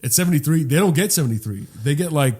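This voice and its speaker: A man's voice: fairly high pitch, lively intonation, quick pace, darkish tone, breathy edge. A young man hosting a casual comedy podcast, rambling with lots of fillers and casual swearing. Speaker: podcast host.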